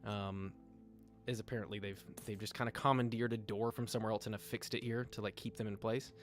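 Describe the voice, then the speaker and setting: A man's voice: fairly low pitch, level tone, fairly quick, faint music behind. A man narrating as game master of a tabletop game, rambling with many fillers.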